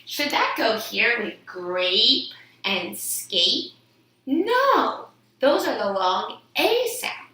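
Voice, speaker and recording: A woman teaching phonics to young children, speaking very slowly with a bouncy, sing-song lilt. Her voice is bright and clear, and it rings in an echoey room. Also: a little high, sing-song. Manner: stretches out words and sounds, asks and answers her own questions.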